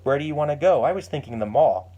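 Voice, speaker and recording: A man's voice: on the high side, animated, fast, mellow, lo-fi sound, voice pushed up. A man voicing a young woman who earnestly apologizes to her best friend in a story. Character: remorseful young woman, warm and eager friend.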